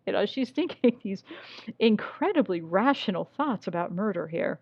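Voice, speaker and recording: A woman's voice: mid-range voice, animated, normal speed, no room sound, highs cut off. A woman teaching a literature class, talking casually, asking rhetorical questions and reading passages aloud. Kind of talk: recorded class lecture with read-aloud passages.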